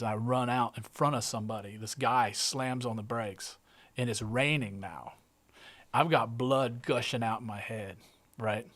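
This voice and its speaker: Man telling a rough story casually. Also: medium pitch. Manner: vivid present-tense retelling, swears, frequent restarts. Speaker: guest artist.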